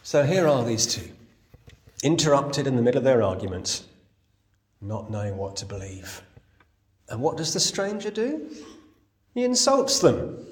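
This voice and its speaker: A man's voice: mid-range voice, sing-song, unhurried, pauses often, big-room sound. A man preaching a sermon, explaining a Bible passage with a storyteller's flair and rhetorical questions.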